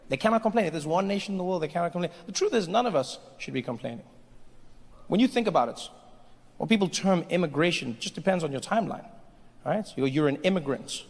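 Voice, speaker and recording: A man performing a stand-up comedy routine on stage, an animated storyteller who leaps into character voices. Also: sits high, quick pace. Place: comedy stage before a live audience. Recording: echoey venue with faint noise.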